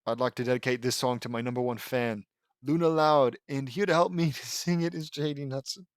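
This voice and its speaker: A man's voice: mid-range voice, brisk, smooth, no room sound, clean studio sound, close to an everyday voice. A man voicing a male British rock star in a put-on British accent, showy like a stage announcer.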